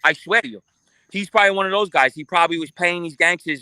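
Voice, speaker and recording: Fast, bright-voiced man swearing freely. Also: fairly high pitch, clean tone, no room sound. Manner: animated, swearing, storytelling. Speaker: guest. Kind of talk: casual profane interview chat.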